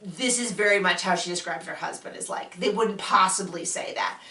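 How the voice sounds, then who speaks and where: A woman hosting a casual spoken TV recap, chatty and enthusiastic, acting out quotes with sudden jumps in pitch. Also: normal speed, sharp tone, far from the mic. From United States. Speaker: podcast host reviewing a TV show. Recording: echoey room, voice a bit off-mic.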